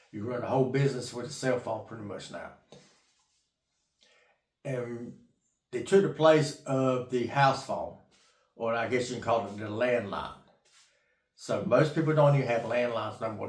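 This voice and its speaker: A man's voice: medium pitch, a little mellow. Tired, rambling man in an echoey room. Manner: rambling, folksy, repeats himself, casual swearing. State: tired from getting up at 3 a.m. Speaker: investing vlogger. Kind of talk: rambling casual monologue to camera.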